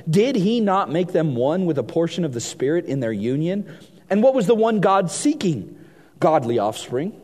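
Man preaching in a reverberant hall. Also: high-pitched. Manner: reads scripture aloud, swinging between hushed and emphatic. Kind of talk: sermon.

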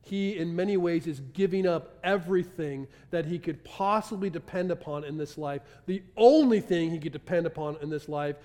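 Man, preacher, high voice, urgent then hushed, echoing hall. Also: moderate pace, few pauses. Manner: impassioned, swinging from loud urgency to hushed intensity. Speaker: pastor. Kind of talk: sermon. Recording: long hall reverb.

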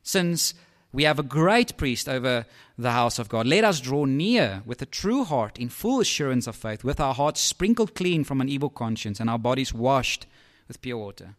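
A man preaching a sermon in a lively, conversational way, with asides to his listeners. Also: medium pitch, normal speed.

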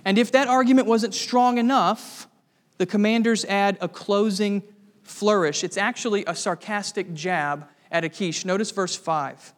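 High-voiced preacher in a reverberant hall. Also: male voice, a little slow. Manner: emphatic, with rhetorical questions to the congregation. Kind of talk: expository sermon.

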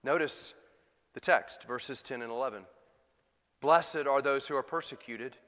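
A man preaching a sermon as pastor, swinging from quiet asides to emphatic, loud peaks. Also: medium pitch, measured pace, big-room sound.

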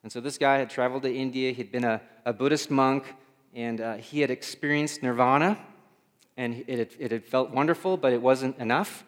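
A man's voice: medium pitch, a little fast. A pastor delivering a conversational sermon; he often repeats words as he searches for them and asks his listeners questions. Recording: reverberant hall.

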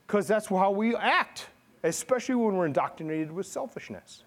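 Lively, animated man preaching. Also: normal speed. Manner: animated storytelling preacher, rising in pitch and volume. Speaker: pastor. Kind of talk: sermon.

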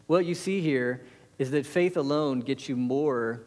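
A man preaching a sermon, animated, asking the congregation rhetorical questions and answering them. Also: a little high, moderate pace, in a large hall.

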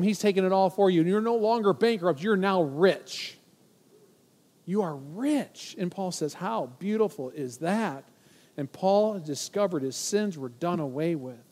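A man in his forties preaches to his congregation with a high, bright voice. He is animated and playful, dropping into mock-worried voices to make his point. A long church-hall reverb trails each phrase. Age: 40s. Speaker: pastor. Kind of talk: sermon.

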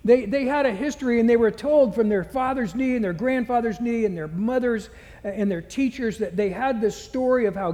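Man, preacher, earnest storytelling sermon, mellow tone, long hall echo. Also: very high voice. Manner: earnest storytelling, retelling scripture scenes.

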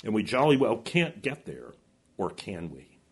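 A man's voice: lowish voice, sing-song, measured pace, husky, exaggerated voice. A man reading aloud a timid, doubtful schoolgirl from a storybook, asking hesitant questions.

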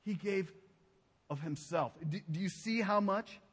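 A man preaching a sermon as pastor. He speaks emphatically and drops to a hushed low voice on key phrases. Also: unhurried, breathy edge, long reverb tail. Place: church sanctuary.

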